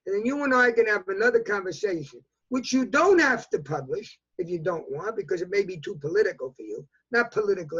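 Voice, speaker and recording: A man's voice: high voice, fairly bright tone, slightly rough. A man in his eighties with a New York accent, speaking emphatically as a news interview guest over a video call. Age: 80s. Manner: emphatic, repetitive, talks in bursts. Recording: dull lo-fi video call audio.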